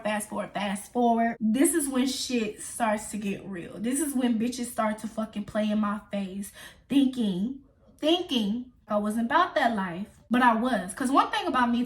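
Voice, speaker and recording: A young woman vlogger telling a casual storytime to her viewers, animated and profane, often calling them y'all. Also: fairly high pitch.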